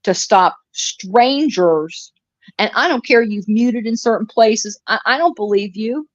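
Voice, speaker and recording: A woman's voice: medium pitch, lively intonation, measured pace, no echo. A woman chatting casually on a live stream, rambling through stories and swearing freely. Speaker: live commentary co-host. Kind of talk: casual chat. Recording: dry, slightly dull lo-fi audio.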